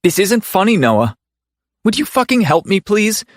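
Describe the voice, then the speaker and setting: A man's voice: high-pitched, very animated, moderate pace, dry recording, clean studio sound, pitched above the performer's own voice. A man voicing a feisty, sassy young woman in an audiobook, snapping indignant retorts. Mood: exasperated. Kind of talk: audiobook character voice.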